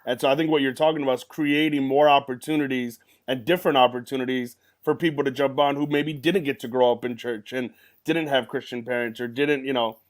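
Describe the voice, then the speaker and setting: A man's voice: mid-range voice, fairly even intonation, brisk, few pauses. A man hosting a casual conversation, affirming his guest and thinking aloud in images. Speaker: host.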